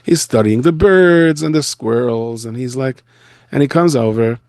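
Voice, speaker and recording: A man, a rabbi, giving a storytelling lecture from his office in a school, telling stories in an animated way. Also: medium pitch, normal speed, no room sound. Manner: animated storyteller who acts out the people he quotes.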